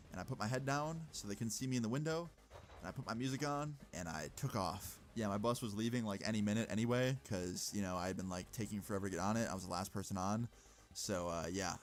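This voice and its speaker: A young man casually telling a personal story, brash and profane, retelling the argument with animated energy. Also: fairly low pitch.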